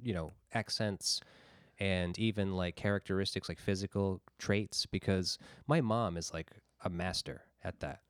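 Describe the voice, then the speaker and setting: A low-pitched man chats casually, circling around his points and groping for words. The recording is close and dry, with no room sound. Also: unhurried, no room sound. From Rhode Island. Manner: rambling, searches for words. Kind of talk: casual chat.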